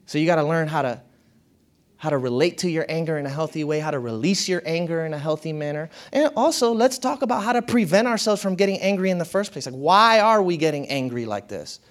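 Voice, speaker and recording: A man speaks quickly to an audience in a motivational talk, staying conversational and laughing a lot. His delivery dips into low murmurs before surging up to excited highs.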